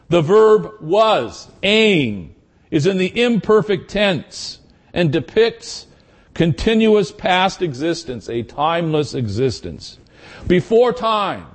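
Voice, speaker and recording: Slow, measured male Bible teacher. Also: high voice. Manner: slow, measured, deliberate phrasing.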